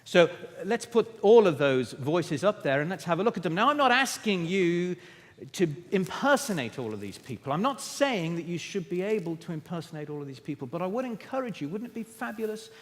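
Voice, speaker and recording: A man's voice: high-pitched, very animated, fairly quick. A man giving a motivational keynote on stage, emphatic and theatrical, speaking straight to his audience. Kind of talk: keynote talk. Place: stage in a conference hall. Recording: echoey hall.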